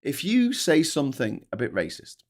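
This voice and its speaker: A man's voice: medium pitch, huge pitch swings, normal speed. A man hosting a show, ranting in casual, heavily sweary commentary. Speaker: host.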